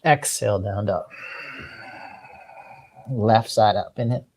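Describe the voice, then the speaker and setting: A man's voice: lowish voice, slow, a little hiss or hum. Guy teaching yoga, calls the breaths, chill, bit of a tickle in his throat. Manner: cueing breath and movement, relaxed with small apologies. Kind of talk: guided yoga class instruction.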